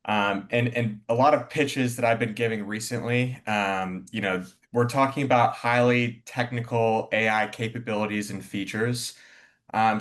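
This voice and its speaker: A man on a conference panel asking a long, halting question full of restarts. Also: medium pitch, a bit bright. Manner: halting, many fillers and restarts.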